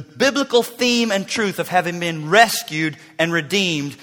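Male pastor, 50s, bright tenor, sermon in a reverberant hall, dynamic from shouts to whispers. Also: fairly high pitch, expressive, moderate pace, hardly any pauses. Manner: swings from loud preaching to hushed near-whisper asides.

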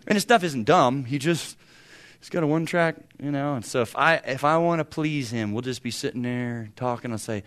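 A man's voice: medium pitch, normal speed, fairly bright tone. A man in his fifties preaching a sermon as pastor, talking in a conversational, humorous way with sudden bursts of emphasis. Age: 50s.

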